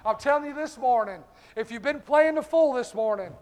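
A man's voice: very high-pitched, expressive, fairly quick. A male pastor preaching a fervent revival-style sermon in a church, calling out congregation members by name. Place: church sanctuary. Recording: echoey church hall.

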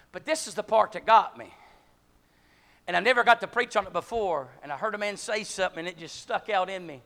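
A man, preaching a sermon in a folksy way that builds to loud, shouted climaxes. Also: high-pitched.

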